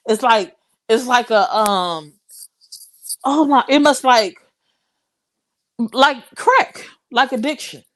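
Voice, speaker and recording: A woman's voice: fairly high pitch, expressive, very slow, long pauses. Impassioned woman hosting a live stream. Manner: impassioned, preachy, talks straight to viewers. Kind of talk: casual live-stream commentary.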